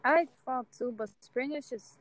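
A woman's voice: sits high, moderate pace, poor audio. Playful blunt young woman guest. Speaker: guest, streamer. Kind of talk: casual podcast chat.

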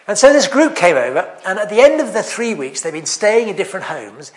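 A man preaches in a chatty, storytelling way, dropping in wry jokes at his own expense. His voice sits high for a man and swings widely in pitch as he talks. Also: big pitch swings, fairly quick, hardly any pauses. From England. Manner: chatty, anecdotal, self-deprecating humour. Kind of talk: sermon.

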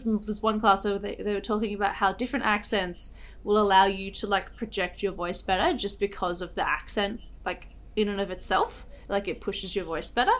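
A woman's voice: mid-range voice, a bit bright. A young Australian woman hosting a casual podcast chat, rambling and laughing often. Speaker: podcast host.

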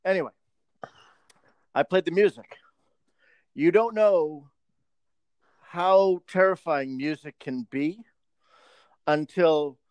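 Guy on a podcast, smooth clear voice, a bit high, swears a lot telling a work story, dry close mic. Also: dry recording. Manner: profane, storytelling. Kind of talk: casual chat.

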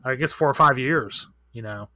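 Man guest, bright tense tone, candid loose chatter with lots of fillers. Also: medium pitch, moderate pace, no room sound. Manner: candid, profane, rambling with many fillers. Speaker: guest, record shop owner. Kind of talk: casual chat.

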